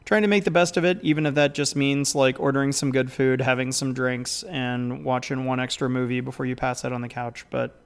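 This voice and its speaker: A man's voice: mid-range voice, level tone, fairly quick, hardly any pauses, clean tone. A man co-hosting a podcast in casual, rambling talk, theatrical and self-mocking, with plenty of fillers and mild swearing. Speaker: podcast co-host.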